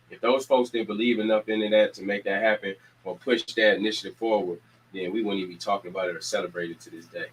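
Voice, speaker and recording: Energetic man rallying his community. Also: fairly low pitch, poor audio. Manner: preacher-like repetition, energetic calls to action. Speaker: community organizer and show host. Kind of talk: casual community announcements.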